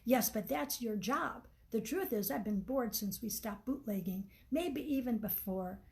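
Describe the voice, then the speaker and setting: A woman reading the part of a cold, dismissive husband who talks flatly and curtly. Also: on the high side, unhurried, creaky. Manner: flat, curt, demanding.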